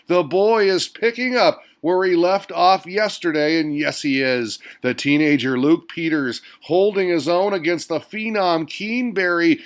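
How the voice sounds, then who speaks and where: High-voiced, upbeat darts recap host man. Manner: upbeat and playful, with punchy exclamations. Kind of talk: scripted sports recap narration.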